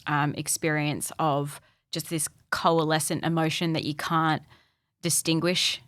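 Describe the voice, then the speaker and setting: A young Australian woman speaking candidly as a podcast guest, thoughtful and halting, often restarting her sentences. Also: low-pitched, little pitch movement, fairly bright tone, no echo. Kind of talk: candid personal conversation.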